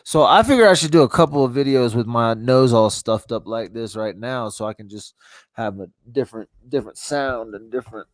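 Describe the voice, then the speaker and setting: A man's voice: mid-range voice, expressive, brisk, dry recording. A man with a stuffy nose from a cold, hosting a casual live-stream chat, rambling, laughing often and restarting his sentences. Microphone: phone.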